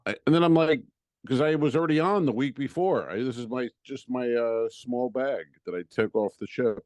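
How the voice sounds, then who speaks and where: A man's voice: medium pitch, normal speed, a little mellow, no room sound. A man, a comedian co-hosting a podcast, casually telling a profane, exasperated story and acting out what others said.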